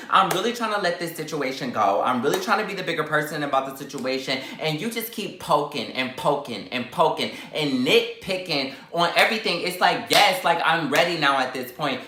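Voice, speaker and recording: A young man tells a dramatic story with plenty of sass, slipping into the voices of the people in it. His tone is bright and forceful, and the room around him rings with echo. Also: fairly high pitch. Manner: dramatic, sassy, acts out quotes. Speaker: vlogger. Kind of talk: storytime while eating.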